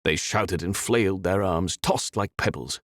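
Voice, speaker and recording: A man reading a fantasy audiobook in an expressive, dramatic way. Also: sits low, unhurried, no echo, clean studio sound. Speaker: audiobook narrator. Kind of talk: scripted fantasy narration.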